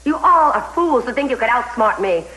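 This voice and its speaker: A woman's voice: a little high, expressive, moderate pace, a bit bright, low-quality recording. An actress playing a scheming, spiteful woman who taunts her rival in a sneering soap-opera manner. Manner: sneering, contemptuous.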